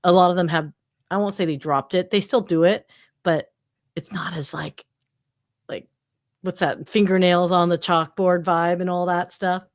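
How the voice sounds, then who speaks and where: A woman co-hosting a casual podcast, talking in a chatty, animated way with lots of fillers. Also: on the low side, moderate pace, no echo, clean studio sound. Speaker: podcast co-host. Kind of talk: casual chat.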